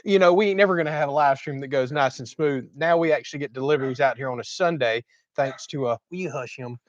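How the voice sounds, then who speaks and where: A man from Florida, slightly hoarse, hosting a casual livestream chat from outdoors in a chatty, folksy, rambling way. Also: medium pitch, quick pace, dry recording, dull audio. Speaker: livestream host. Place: outdoors at a home cooking spot.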